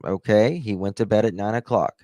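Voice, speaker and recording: A man's voice: on the low side, fairly quick, dark tone, no echo. A man hosting a casual livestream from his home office, rambling and repeating himself as he reads chat and talks things through. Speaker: livestream host. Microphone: desk microphone. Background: birds chirping through open window.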